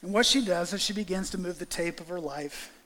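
A man preaching a sermon and acting out a lively illustration with volunteers on stage, calling out playful greetings. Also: sits high, brisk, long reverb tail. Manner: animated, acts out greetings with volunteers. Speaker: guest preacher. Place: church sanctuary.

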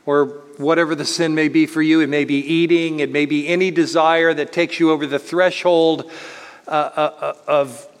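A man preaching a sermon in an earnest way, slowing down to stress key words. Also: on the high side, flat delivery. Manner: earnest preaching, slows to stress words, speeds up voicing others. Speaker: pastor. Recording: long hall reverb.

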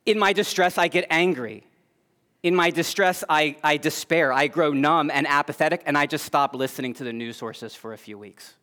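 A man preaching a sermon as pastor, earnest, rising to emphatic peaks and then dropping soft and low. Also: normal speed.

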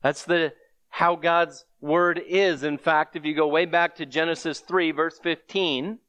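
A male preacher delivers a sermon in a slightly high, smooth and clear voice. He speaks slowly and earnestly, reading scripture aloud, and the recording is dry and close. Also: fairly even intonation, fairly bright tone, no echo.

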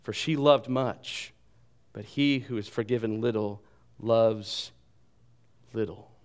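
A man preaching a sermon, animated and joking at himself, dropping to a soft voice when he quotes. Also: fairly low pitch, takes it slowly. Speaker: pastor.

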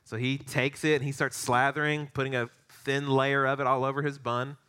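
Bright-voiced pastor telling a lively story. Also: male voice, medium pitch, moderate pace, smooth. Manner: storytelling, animated, rising to excited peaks in anecdotes. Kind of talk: sermon.

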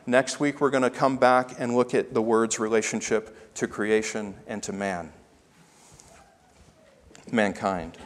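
A man preaching a sermon as pastor, emphatic and slowing down to stress key phrases. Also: on the low side, steady tone, long reverb tail.

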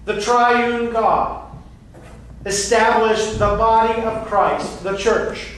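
A man preaching from the pulpit, his fairly high voice landing each phrase with measured emphasis. He sounds set back from the microphone, and the church rings with heavy echo under a faint hiss. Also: fairly even intonation, a bit bright. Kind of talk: sermon. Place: church sanctuary. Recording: echoey hall from far off, faint hiss.

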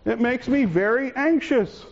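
A man preaching a sermon as pastor, swinging between raised, urgent lines and hushed, calm ones. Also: on the high side, measured pace, muffled recording.

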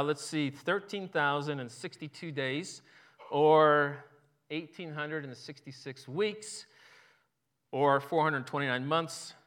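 A man's voice: on the high side, smooth. A man in his fifties giving a sermon, opening with a joke and telling stories with self-deprecating humor. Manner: relaxed storytelling, self-deprecating humor, chuckles often.

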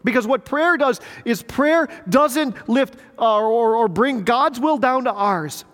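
A middle-aged male pastor delivers a sermon in a church sanctuary, his voice pitched high for a man. He preaches in a conversational way, repeating words and asking the congregation rhetorical questions. Long reverb from the big room trails after each phrase. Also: expressive, slow, fairly bright tone.

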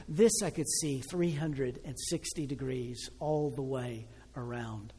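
A man in his sixties preaching a sermon, telling a personal story with feeling, swelling loud and then dropping soft and slow. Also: mid-range voice, gravelly, husky, big-room sound. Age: 60s. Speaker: pastor.

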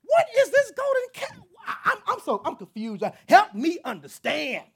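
A man's voice: very high voice, huge pitch swings, normal speed, creaky, a bit bright, pitched above the performer's own voice, heavily acted. A man voicing Moses as an incredulous, exasperated leader who scolds a faithless crowd.

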